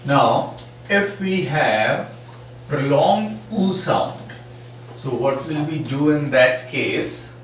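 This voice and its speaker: A man with a mid-range, animated voice talks extremely slowly while teaching phonetics in a classroom lecture, patiently repeating sample words to show each sound. The recording comes from a very echoey room, far from the mic, with faint noise.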